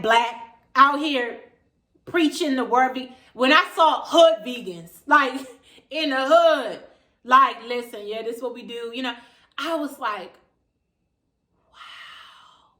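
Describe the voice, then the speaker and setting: A woman with a Washington D.C. area accent speaks with a fairly high, bright voice, animated and emphatic as she vlogs straight to camera. Her talk is casual and full of slang. The sound carries a noticeable room echo. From Maryland, USA. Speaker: vegan vlogger.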